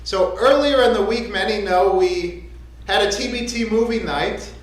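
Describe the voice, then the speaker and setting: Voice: mid-range voice, normal speed. A rabbi giving a conversational, joking sermon from the pulpit of a synagogue. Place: synagogue sanctuary. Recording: echoey sanctuary.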